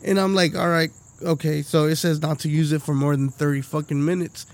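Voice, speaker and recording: High-voiced man telling a profane story. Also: brisk. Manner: profane, animated storytelling with lots of laughing. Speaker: podcast co-host. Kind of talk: casual chat.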